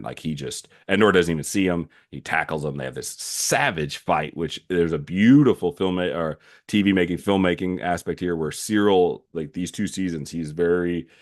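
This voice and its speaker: A man hosting a solo commentary podcast, recapping a series animatedly with frequent fillers and restarts. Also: low voice. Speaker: podcast host.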